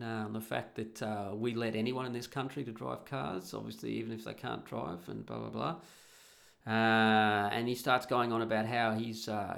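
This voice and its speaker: Man, middle-aged, gravelly, blunt and profane, casual anecdote. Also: medium pitch, a bit bright. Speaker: storyteller.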